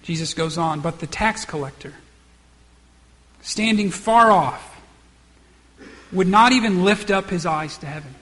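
A man's voice: high-pitched, measured pace, pauses often, a bit bright, long reverb tail. A man preaching a sermon, acting out the characters' lines and often restarting his words. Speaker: pastor.

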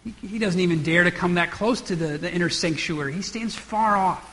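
A man's voice: high voice, a little fast, sharp tone, big-room sound. A man preaching a sermon, acting out the characters' lines and often restarting his words. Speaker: pastor.

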